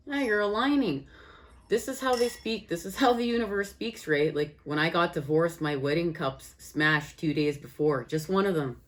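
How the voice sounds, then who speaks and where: A woman giving an enthusiastic channeled astrology and tarot reading, talking straight to her viewers as "guys" and repeating her phrases. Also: fairly low pitch. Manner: repetitive, rephrases lines in quick succession. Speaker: tarot reader.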